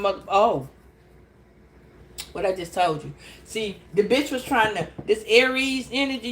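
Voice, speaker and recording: A woman giving a casual tarot reading, blunt and profane, animated and laughing often. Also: mid-range voice, a little hiss or hum. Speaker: tarot reader.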